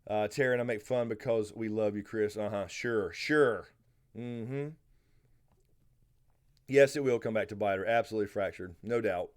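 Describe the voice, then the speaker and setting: Speaking at a moderate pace in a fairly low voice, a Southern American livestream host runs a casual question-and-answer session. His talk is loose and wandering, and he greets viewers by name as he responds to chat.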